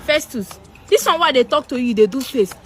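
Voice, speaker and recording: A woman's voice: high-pitched, lively intonation, quick pace. A woman speaking with a Nigerian Pidgin accent who teases and nags a friend with advice in a comedy skit. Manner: teasing, nagging advice.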